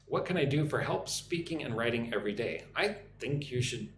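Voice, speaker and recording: A young American man teaching English on a live stream, chatting with viewers and repeating phrases slowly for practice. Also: medium pitch, expressive. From United States. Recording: echoey room with faint noise.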